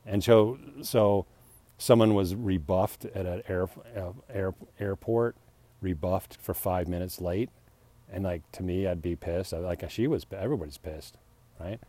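Man, solo podcaster. Very low, warm voice. Rambling, self-deprecating, quick to laugh at himself. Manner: acts out heated retorts, laughs often. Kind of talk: rambling personal reflection.

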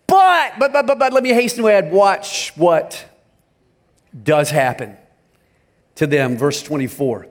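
A man preaching a sermon as pastor. He speaks emphatically, swings from soft asides to near-shouts, and talks straight to his congregation, telling them what to write down. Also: high voice, expressive, unhurried, pauses often. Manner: addresses the congregation directly, asking them to take notes.

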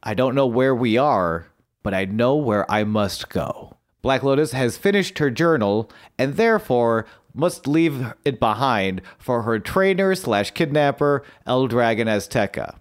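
A man in a relaxed podcast chat walks through what happened on screen, keen and talkative. His voice sits at an ordinary middle pitch, and he often stops and restarts his sentences with little fillers. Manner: eager storytelling recap with fillers and restarts. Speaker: podcast co-host. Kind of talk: casual recap chat.

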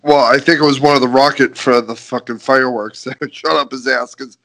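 A man's voice: medium pitch, fairly even intonation, fairly quick, fairly bright tone. A man co-hosting a podcast in a laid-back, joking, casual way, with some swearing. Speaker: podcast co-host. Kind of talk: casual chat.

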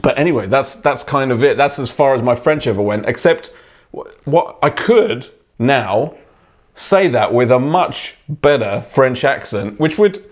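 A young man, a podcast co-host with a slightly hoarse throat, chatting casually with many restarts and laughs. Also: mid-range voice, expressive, a little slow. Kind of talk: casual chat.

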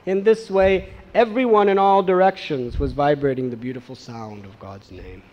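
A man giving a devotional storytelling sermon, animated and acting out the voices of the people in his tale. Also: on the high side, normal speed, dull audio. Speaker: spiritual teacher.

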